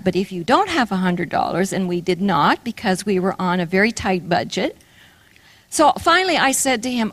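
An older woman preaches with earnest warmth, weaving a personal story into her message and turning to the listeners with questions. Her voice sits at a middle pitch and is recorded dry and close, with little room sound. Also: no room sound.

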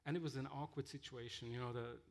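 A man telling mission stories in a sermon, halting with fillers and restarts. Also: medium pitch, steady tone. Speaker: missionary speaker. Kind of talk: sermon-style storytelling.

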